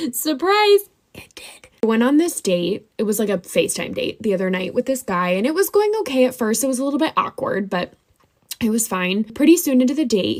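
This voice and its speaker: A woman's voice: mid-range voice, a little mellow. A woman telling a dating storytime, sarcastic and laughing through it. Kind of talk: storytime monologue.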